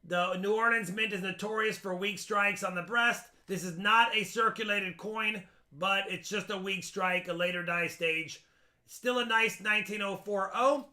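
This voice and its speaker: A man's voice: high-pitched, fairly even intonation, moderate pace, sharp tone. A man hosting a live coin auction stream, chatting casually as he appraises coins in loose, run-on talk.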